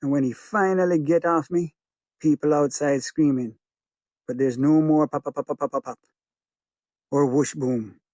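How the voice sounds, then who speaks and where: Jamaican man narrating in hushed patois. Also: on the high side, steady tone, moderate pace, long pauses, dry recording. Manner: rhythmic, hushed storytelling in patois. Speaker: audiobook narrator. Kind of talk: first-person audiobook narration of a child's memory.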